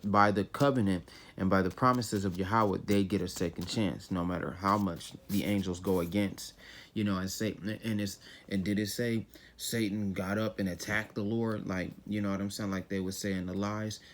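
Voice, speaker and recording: A man with a fairly low voice teaches scripture as casual talk. He reads a verse, then unpacks it in relaxed street slang and keeps checking in with his listeners. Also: moderate pace, slight background noise. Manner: loose and conversational, reading verses then explaining them in slang; often repeats "you know what I'm saying".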